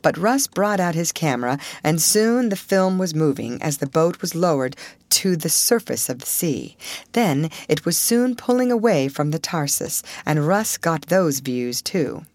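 A woman narrating an audiobook in an even, clear storytelling manner. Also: low-pitched, measured pace, no echo.

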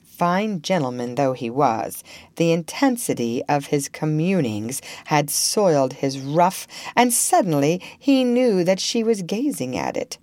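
A woman reading a storybook aloud in a slow, expressive manner as narrator. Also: sits low, dry recording.

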